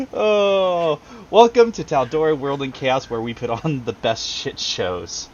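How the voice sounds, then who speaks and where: A game master runs a tabletop game over a video call, narrating loosely with plenty of fillers and laughing at himself. His voice is fairly high and animated, he takes it slowly, and the sound is lo-fi.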